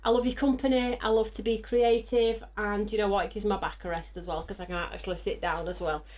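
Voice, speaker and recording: A woman's voice: medium pitch, fairly even intonation, fairly quick, a little mellow. A woman hosting a live crafting stream, chatty and bubbly, talking straight to her viewers while catching her breath. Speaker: host of a live crafting show. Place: craft studio.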